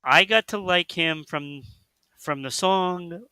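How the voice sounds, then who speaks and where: A man co-hosting a casual radio chat about music, rambling and animated, with lots of fillers and restarts. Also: sits high, slow pace, clean tone, no room sound. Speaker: co-host.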